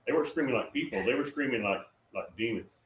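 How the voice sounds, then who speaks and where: A man's voice: medium pitch, lively intonation, fast. A man casually recounting a dream in a rambling way, with many fillers and restarts. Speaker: guest recounting a prophetic dream. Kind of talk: casual conversational storytelling. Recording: roomy, distant mic with faint noise.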